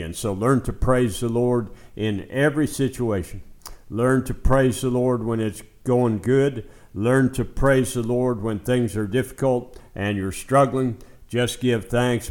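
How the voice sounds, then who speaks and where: A man's voice: medium pitch, a little mellow. A man preaching a sermon in an earnest voice, rising into pleading as he voices prayers and psalms. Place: Kenya.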